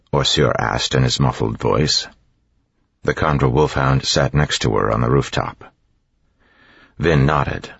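Very deep husky male audiobook reader, steady delivery, dry and dull recording. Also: unhurried, pauses often, no room sound. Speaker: audiobook narrator. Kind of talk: scripted narration. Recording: dull, dry studio sound.

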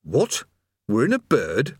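A man's voice: mid-range voice, huge pitch swings, takes it slowly, slightly rough, no room sound, studio quality, exaggerated voice. A man voicing a nervous, bewildered male wizard who speaks anxiously and cuts in, in an audiobook reading. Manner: anxious, interrupting.

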